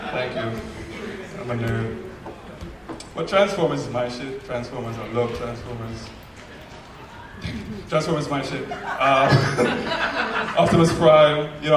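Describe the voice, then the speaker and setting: On a comedy club stage, a young Jamaican comedian works through his stand-up set in a Jamaican accent, acting out characters and shifting from loud to soft as he tells his stories. He speaks slowly at medium pitch, leaving long pauses, and the recording is very noisy. His handheld mic sounds distant, caught in the club's echo.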